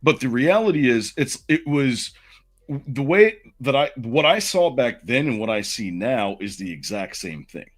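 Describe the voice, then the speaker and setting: A man's voice: mid-range voice, very animated, unhurried, faint music behind. A man in his forties, a podcast co-host, telling a long personal story in casual, rambling fashion. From Southern United States.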